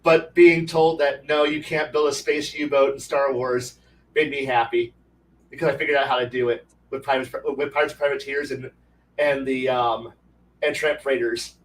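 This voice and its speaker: A man's voice: mid-range voice, normal speed, far from the mic, a little hiss or hum, poor audio. A man hosting a casual talk stream, rambling with many restarts and swearing, and acting out other people in a raised voice as he tells stories. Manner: animated storyteller, acts out quotes in a raised voice. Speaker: podcast host. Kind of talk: casual ranting chat.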